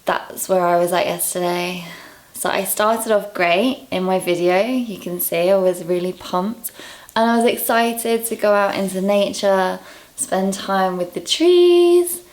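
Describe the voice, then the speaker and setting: A young woman from England talking casually to camera in a vlog, candid and quick to laugh at herself, a little out of breath. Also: medium pitch, a little mellow. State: out of breath, low on energy. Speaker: vlogger.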